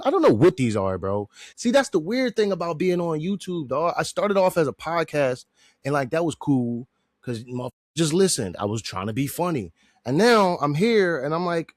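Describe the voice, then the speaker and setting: A man's voice: on the high side, sing-song, normal speed, no echo, clean studio sound. A man hosting a podcast, chatting casually and rambling, joking and laughing often. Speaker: podcast host reviewing a movie. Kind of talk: casual slangy chat.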